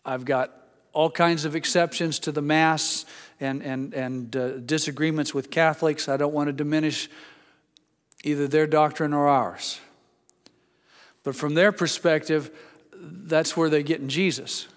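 A male pastor preaching a sermon, emphatic, rising to loud exclamations and dropping low. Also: fairly even intonation, measured pace. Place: church sanctuary. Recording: church hall with long reverb.

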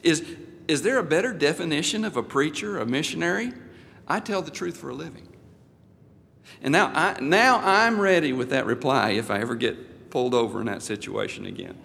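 Gravelly man telling a folksy sermon story. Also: a little high, lively intonation, a little fast, hardly any pauses, a bit bright, in a large hall. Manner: folksy, anecdotal, with frequent restarts. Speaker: pastor and missionary.

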